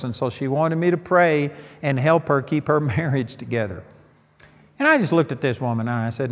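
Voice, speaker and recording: A man's voice: on the high side, animated, normal speed, big-room sound. A middle-aged man preaching a sermon, telling folksy stories and landing emphatic punchlines.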